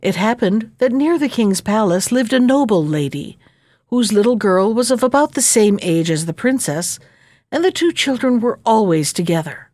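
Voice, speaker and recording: A woman narrating a fairy tale in a gentle, measured reading voice. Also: on the high side, lively intonation, no room sound, clean studio sound.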